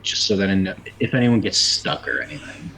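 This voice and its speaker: A man's voice: deep voice, a little fast, pushed and bright, low-quality recording. A man playing a tabletop game, chatting casually and hesitantly about his move. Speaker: player.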